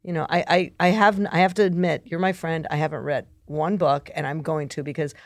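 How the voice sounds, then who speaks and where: A woman's voice: low voice, steady tone, fairly quick, no room sound, clean studio sound. A woman hosting an interview, chatty and gushing, laughing easily with her guest. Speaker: host. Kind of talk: casual interview chat.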